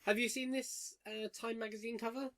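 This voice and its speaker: A man's voice: very high-pitched, flat delivery, fairly quick, a crowd in the background. A man hosting a casual gaming news podcast round a table with friends, wry and rambling with lots of fillers. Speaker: podcast host.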